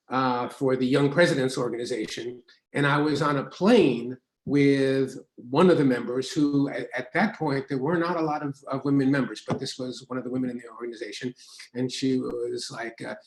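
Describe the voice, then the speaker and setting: A man's voice: mid-range voice, moderate pace. Man as guest spouse, easygoing storyteller; roomy studio sound. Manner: relaxed anecdotes with laughs and fillers, raising his voice for quoted women. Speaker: guest, the host's husband. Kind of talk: casual conversation on a live broadcast. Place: writing studio. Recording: echoey room.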